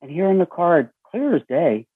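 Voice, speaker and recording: A man with a raspy voice telling a story as an interview guest, acting out the dialogue with lively shifts. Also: fairly high pitch, normal speed, dry recording. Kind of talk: storytelling conversation. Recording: tinny phone line.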